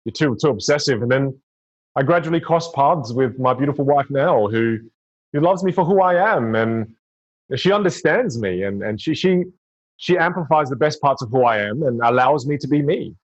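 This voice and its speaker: A man's voice: medium pitch, expressive, moderate pace, no echo. A man, a podcast guest, talking earnestly and reflectively in a casual conversation. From Australia. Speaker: guest speaker. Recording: slightly muffled lo-fi audio.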